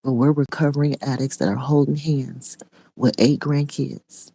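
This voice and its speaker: A woman's voice: extremely low pitch, fairly even intonation, normal speed, creaky, dark tone, no echo. A middle-aged woman and online preacher giving an impassioned spoken testimony in a repetitive, raw preaching cadence.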